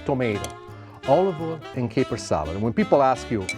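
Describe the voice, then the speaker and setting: A man presents a TV cooking demonstration with a medium pitch that swings up and down a lot. He talks enthusiastically and tosses in playful asides. Music plays clearly behind him. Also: big pitch swings, fairly quick. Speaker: cooking show host.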